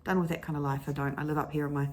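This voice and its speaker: A woman's voice: low-pitched, level tone, racing, a little mellow, slight background noise, pitched below the performer's own voice, natural voice. A woman voicing a weary old retired warrior man in a casual storytelling paraphrase. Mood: weary refusal. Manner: weary, dismissive.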